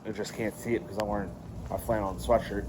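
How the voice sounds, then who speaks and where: A man's voice: fairly low pitch, fairly even intonation, quick pace. A young man, chatting casually in a vlog, rambling with lots of fillers and frequent swearing. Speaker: vlogger. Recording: faint background noise.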